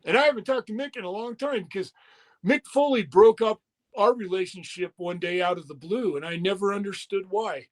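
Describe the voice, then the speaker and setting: A man's voice: high voice, a little fast. A middle-aged man, a former wrestler, candidly telling a story in an interview, swearing freely and acting out the quoted dialogue. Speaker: retired wrestler guest.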